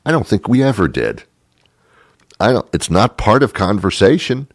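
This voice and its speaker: A man's voice: on the low side, big pitch swings, normal speed, dry recording, studio quality. A middle-aged man hosting a talk show, delivering a sardonic comedic monologue and then interviewing a guest. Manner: sardonic, acts out both sides of imagined dialogues.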